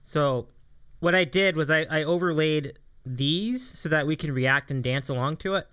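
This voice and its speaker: A man's voice: a little high, normal speed, fairly bright tone, clean tone, dry recording, clean studio sound. A man hosting a casual live stream, chatty and laughing often. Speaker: host.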